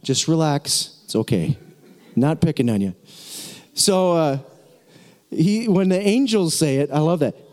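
Excited pastor guy, kinda high voice, cracks jokes n laughs, big echoey church. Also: measured pace, pauses often. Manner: excitable, jokey, laughs often, conversational asides. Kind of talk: sermon.

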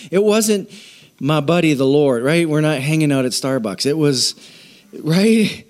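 A man's voice: on the high side, normal speed. A middle-aged man, a pastor, giving a casual Bible lesson in church, chatty and joking, often asking the audience questions. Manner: conversational, asks the audience questions, jokes.

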